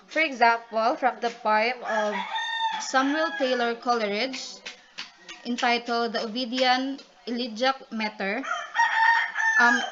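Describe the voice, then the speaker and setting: A woman's voice: on the high side, measured pace. A woman presenting a class report, reading definitions with frequent ums and restarts. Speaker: student reporter. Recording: dull lo-fi recording with loud noise.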